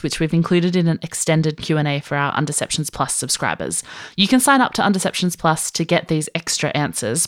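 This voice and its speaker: Woman podcast co-host with a deep voice and close, dry sound, reading announcements. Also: no echo.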